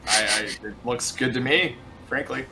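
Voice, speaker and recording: A man's voice: mid-range voice, moderate pace, gravelly, noisy background. A man playing a tabletop game, chatting casually and animatedly. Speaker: player.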